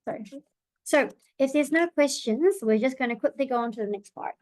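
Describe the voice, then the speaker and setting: A woman's voice: high-pitched, a little fast, darkish tone. A woman therapist leading a parent seminar, talking it through with many ums and you-knows. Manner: friendly, thinking aloud with many fillers. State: voice breaking slightly. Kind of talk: online seminar presentation.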